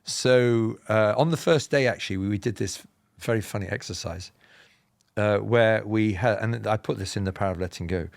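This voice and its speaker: Man, southern English BBC-style accent, low voice, gravelly, dry close sound, measured storytelling, wry. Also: no echo. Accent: Southern English, BBC-style received pronunciation. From England. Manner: measured, explanatory, with self-deprecating humour. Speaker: podcast guest. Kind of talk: reflective personal storytelling.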